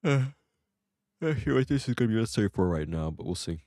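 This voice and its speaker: Close to his desk mic, a gameplay streamer rambles through let's-play commentary, cracking jokes and laughing at his own expense. His fairly low, slightly mellow voice swings widely in pitch, and he talks fast. There is no room sound.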